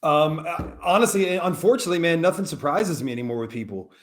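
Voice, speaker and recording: A man's voice: on the high side, animated, quick pace. Laid-back young man saying dude and bro. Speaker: podcast co-host. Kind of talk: casual comedic chat.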